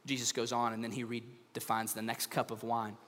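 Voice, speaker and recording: A man's voice: medium pitch, fairly quick, in a large hall. A man pastor, giving a humorous sermon from a church stage, acting out voices as he tells stories. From United States. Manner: animated storytelling, acts out voices, humorous.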